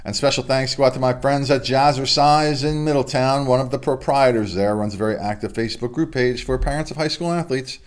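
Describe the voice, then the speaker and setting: A man's voice: mid-range voice, a little fast, hardly any pauses. A man hosting a casual local sports report from his home studio, reading honors and signings with chatty offhand asides. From United States. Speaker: sports news host.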